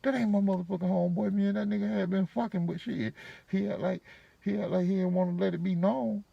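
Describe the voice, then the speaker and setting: A man's voice: high-pitched, steady tone, fast talker, gravelly, breathy edge, no room sound, dull audio, pitched above the performer's own voice, heavily acted. A man voicing an angry young woman who was beaten up, blunt and profane as she complains.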